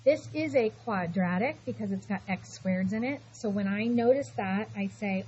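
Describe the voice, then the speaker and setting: A woman's voice: medium pitch, normal speed, few pauses, warm tone, slight background noise. Middle-aged woman, math teacher, classroom lecture, patient, reassuring, slightly muffled classroom recording. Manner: patient, reassuring, talks students through each step.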